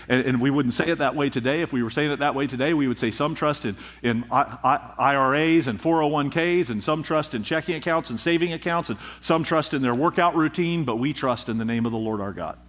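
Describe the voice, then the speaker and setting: A pastor preaching a sermon, with emphatic delivery and rhythmic repetition. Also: male voice, mid-range voice, a little fast, hardly any pauses, fairly bright tone. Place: church.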